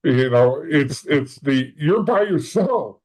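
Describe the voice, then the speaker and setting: A man's voice: on the high side, animated, takes it slowly, a little mellow, slightly rough, low-quality recording. Man telling a rambling first-hand story. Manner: rambling, acts out quoted dialogue, frequent restarts. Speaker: podcast guest. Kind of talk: casual storytelling in conversation.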